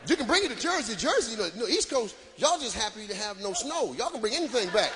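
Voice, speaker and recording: A man performing live stand-up comedy, loud and animated, shouting punchlines to the crowd from a stage. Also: very high voice, quick pace. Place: stage before a live audience.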